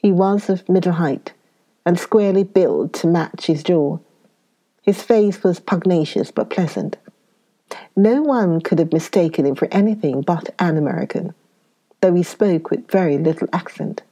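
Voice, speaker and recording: A woman narrates a story in a slow, measured way. Her voice is mellow and sits slightly low. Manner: unhurried, measured reading. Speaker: story reader. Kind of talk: scripted narration.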